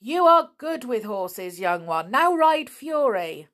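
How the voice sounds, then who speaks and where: A woman's voice: medium pitch, lively intonation, slow pace, voice pushed up. A woman voicing a hearty, encouraging young male horse trainer in a storybook reading.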